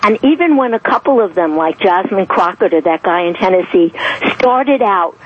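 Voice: medium pitch, animated, moderate pace, slightly rough, dull audio. A talk-show guest giving sardonic, emphatic political commentary.

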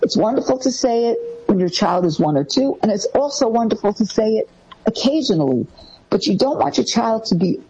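A woman talks through parenting advice in a casual co-host manner. Her voice is husky and her pitch swings widely. The recording sounds dull and lo-fi. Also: moderate pace. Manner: lively, acts out quoted parent lines in a higher voice.

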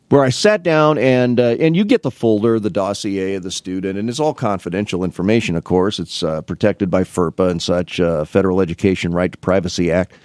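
Animated middle-aged man telling stories. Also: fairly low pitch, no echo, clean studio sound. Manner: rambling anecdotes with restarts, acting out both sides of conversations. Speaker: college academic advisor. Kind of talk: casual storytelling monologue.

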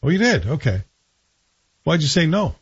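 Male morning radio host, teasing and talkative, husky voice with a lively swing, dry studio sound, slightly muffled. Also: fairly high pitch, dry recording. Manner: chatty, teasing, quick jokes. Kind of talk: casual morning radio banter. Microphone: studio microphone.

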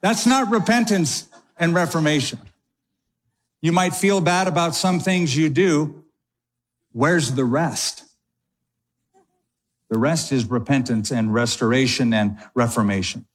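A male pastor preaching a sermon in a conversational way, with quick asides and slowed emphasis. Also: on the high side.

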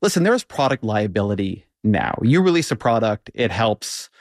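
Low-voiced, probing male interviewer. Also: very animated, a little mellow, no echo, studio quality. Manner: measured, probing questions. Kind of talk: interview conversation.

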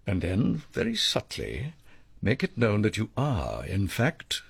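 An actor in a radio drama playing a measured, formal leader of a covert team. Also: male voice, on the low side, huge pitch swings, creaky, breathy edge, no room sound, heavily acted.

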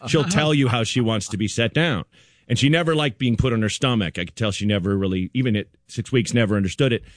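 A man's voice: medium pitch, fast, no echo, clean studio sound. A middle-aged man telling a funny story about his baby daughter in a casual chat, laughing and acting out the other people in it. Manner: animated, acts out quoted voices, laughs often.

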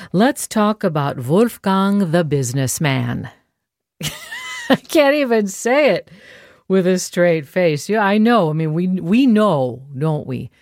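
A woman's voice: low voice, darkish tone, dry recording. A woman hosting a classical music radio show from a studio, chatting playfully and introducing the next piece. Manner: playful, chatty, laughs at own lines. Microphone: studio microphone.

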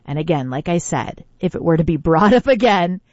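Lower-pitched woman, casual voice memo, emphatic and chatty, dull dry sound. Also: animated, a little fast, darkish tone, no echo. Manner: conversational, emphatic, filler-heavy. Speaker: caller leaving a voice memo.

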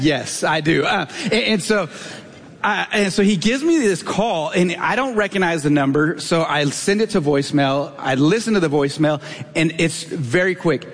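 Man, pastor, sermon, somewhat high voice, long hall reverb, animated storytelling. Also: normal speed. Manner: animated storytelling, acts out quotes in a raised voice.

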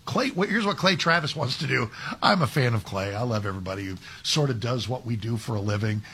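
A man's voice: medium pitch, expressive, fairly quick, a bit bright, slightly rough. A man filling in as host of a talk radio show, giving emphatic commentary with many restarts and asides. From Texas.

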